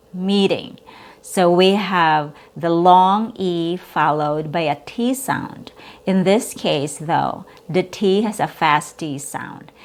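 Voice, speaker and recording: Slow, deliberate woman teaching pronunciation. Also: lowish voice. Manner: repeats words slowly and contrasts right and wrong sounds.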